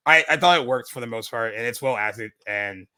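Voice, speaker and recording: Speaking a little fast, a podcast co-host with a mid-range voice and a clean, pushed, bright tone discusses a film casually. His talk wanders, filled with fillers and restarts, on a dry recording.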